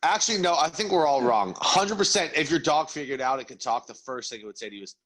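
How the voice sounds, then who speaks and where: A young man co-hosting a podcast, talking in an animated, excitable way and swearing casually. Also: mid-range voice, fast. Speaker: podcast co-host. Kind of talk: casual chat.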